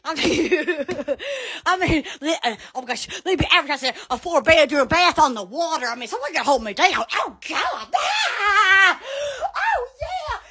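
Hosting an Instagram live from home on her phone, a woman chats in a rambling, giggly, exclamatory way. Her very high, sing-song voice is bright and forceful, unhurried yet shouting.

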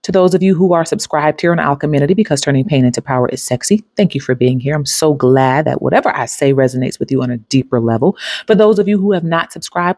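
A woman's voice: deep voice, quick pace, darkish tone, dry recording. A woman hosting a spiritual self-help channel, giving an emphatic, preachy motivational talk and speaking straight to her viewers. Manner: laughs easily between points.

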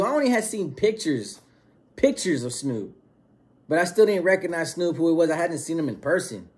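A man casually telling a story, using street slang and acting out quoted dialogue. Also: a little high. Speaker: storyteller recounting prison experience.

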